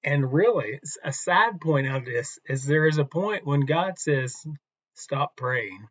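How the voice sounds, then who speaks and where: A man teaching from the Bible in a relaxed, conversational devotional talk, unhurried and with some restarts. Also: a little high, dry recording, lo-fi sound.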